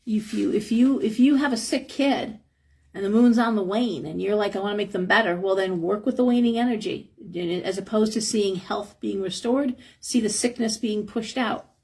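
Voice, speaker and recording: Reading chat on her live stream, this middle-aged host offers blunt spiritual guidance in a relaxed, talkative manner, mimicking quotes with a raised voice and seeming a bit tired. Her pace is normal and her voice slightly mellow with a breathy edge.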